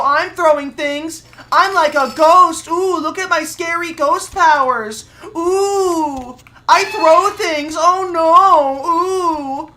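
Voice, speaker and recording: A woman's voice: extremely high pitch, slow, bright, forceful tone. A woman streamer giving brash, profane commentary while she plays a game. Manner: brash, profane trash talk. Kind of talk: gameplay commentary.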